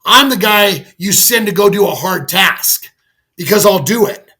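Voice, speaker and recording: A middle-aged man, a podcast guest, telling a story in a candid, animated way, with lots of "like" and casual swearing. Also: sits high, measured pace. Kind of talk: conversational storytelling.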